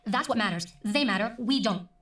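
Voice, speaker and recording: A middle-aged woman who works as a news presenter, talking emphatically and deliberately as an interview guest. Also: on the high side, expressive, fairly bright tone, roomy sound, recorded from a distance. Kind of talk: conversational interview.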